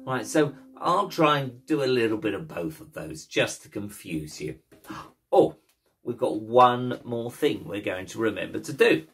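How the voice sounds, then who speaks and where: A man's voice: mid-range voice, sing-song, unhurried, a bit bright, soft background music. A man teaching ukulele in a cheeky, playful, jokey way, talking the class through chords and strumming. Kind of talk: casual instructional talk.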